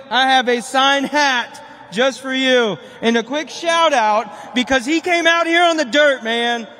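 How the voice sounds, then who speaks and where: A man, a monster truck driver, giving an excited speech to the stadium crowd. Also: extremely high pitch. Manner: excited, shouting thanks. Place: big indoor stadium. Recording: arena reverb.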